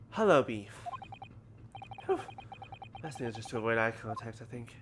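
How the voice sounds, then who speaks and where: A man's voice: medium pitch, lively intonation, normal speed, long pauses. Jokey streamer man reading a game aloud. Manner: casual, jokey, swears. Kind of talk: let's-play commentary and reading game dialogue aloud. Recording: background noise from home stream setup.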